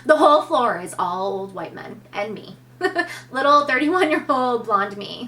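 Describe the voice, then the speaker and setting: A woman in her thirties telling a personal story to camera in a candid, animated way, acting out what people said. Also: fairly high pitch, distant mic. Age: 30s. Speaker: vlogger.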